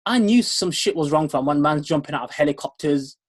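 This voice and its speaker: Young male co-host, raspy and a bit high, easy slangy banter. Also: expressive, a little fast. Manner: laid-back, laughs often, slang-heavy. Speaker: podcast co-host. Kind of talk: casual chat.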